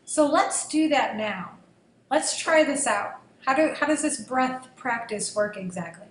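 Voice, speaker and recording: Friendly female host, playful and quick to restate ideas, in a room with faint background hum. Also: high-pitched, expressive. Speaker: interview host. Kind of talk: casual interview chat. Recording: roomy sound, faint ambience.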